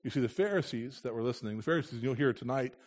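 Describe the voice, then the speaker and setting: An earnest man preaching to a church congregation, with a voice of ordinary, middle-range pitch. He talks to the room in a plain, conversational way and slips in bits of gentle humor. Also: racing. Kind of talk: conversational sermon.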